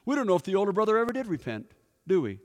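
A pastor giving a sermon, telling a story and putting questions to the congregation. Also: male voice, high-pitched, sing-song, very fast. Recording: echoey hall with long reverb.

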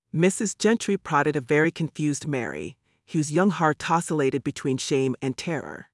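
Give me a man narrating a novel, slightly high-pitched and measured. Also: lively intonation, no echo, clean studio sound. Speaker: audiobook narrator. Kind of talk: scripted narration.

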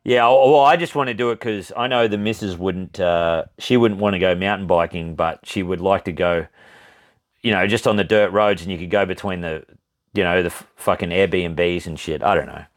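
A young Australian man with a deep voice, speaking at normal speed, co-hosts a podcast. He tells a long, rambling story in casual chat, swearing freely and laughing often.

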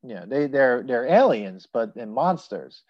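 A man co-hosting a casual movie podcast, animated and laughing, often acting out lines from the film. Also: mid-range voice, unhurried, lo-fi sound. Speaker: podcast co-host.

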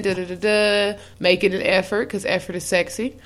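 A young woman co-hosting a podcast in casual chat. She tells stories in a lively, frank way, acts out quotes and swears freely. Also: medium pitch, normal speed. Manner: animated storytelling, acts out quotes. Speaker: podcast co-host.

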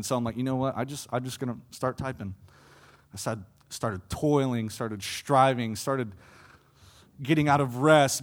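Earnest young man preaching a sermon. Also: medium pitch. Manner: earnest, building to impassioned pleas with fluctuating loudness. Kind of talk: sermon testimony.

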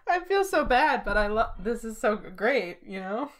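A woman's voice: on the high side, very animated, normal speed. Give me an enthusiastic, teasing woman co-hosting a comedy podcast. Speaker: podcast co-host. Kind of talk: casual comedic chat.

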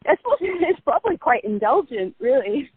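A woman actress chatting in a casual remote interview, bubbly and quick to laugh, talking while walking outdoors. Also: high voice, very animated, no room sound. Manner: bubbly, laughs often, self-deprecating. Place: outdoors walking past a building site. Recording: tinny phone-line audio, dry.

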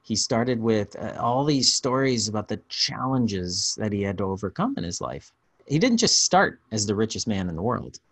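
A man hosting a podcast, telling stories in a casual, animated way with frequent restarts. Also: fairly low pitch, normal speed, husky, no room sound. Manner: storytelling, animated, restarts often. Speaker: podcast host.

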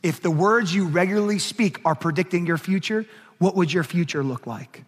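Emphatic high-voiced pastor preaching. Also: male voice, normal speed. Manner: emphatic preaching, swings from hushed to raised. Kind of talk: sermon. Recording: long hall reverb.

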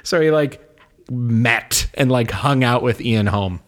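A man's voice: mid-range voice, slow pace. A young man co-hosting a podcast, telling stories in casual chat, full of "like" fillers. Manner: rambling storyteller, many "like" fillers. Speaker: podcast co-host.

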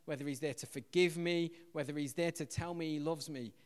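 An English man preaching a sermon as pastor, an animated storyteller who acts out quotes loudly. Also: on the high side, fairly quick, long reverb tail. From England.

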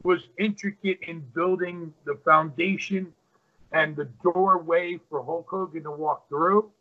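A man's voice: a little high, steady tone, unhurried, narrow, tinny audio. A middle-aged man, a retired pro wrestler, telling stories as an interview guest, rambling with many fillers. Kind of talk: casual interview storytelling.

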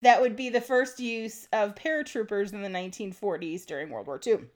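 A woman's voice: medium pitch, brisk, darkish tone. A woman co-hosting a podcast, explaining history in a casual chat and laughing often. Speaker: podcast co-host.

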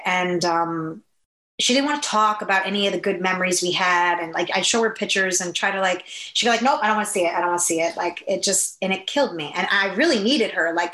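A woman from the Upper Midwest of the US, telling an emotional personal story as an interview guest, earnest, with halting restarts. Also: lowish voice, a bit bright, echoey room, low-quality recording.

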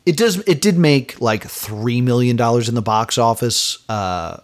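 A man's voice: mid-range voice, lively intonation, a little slow. A man hosting a podcast, giving a casual film review in an exasperated, rambling rant full of fillers. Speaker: podcast host.

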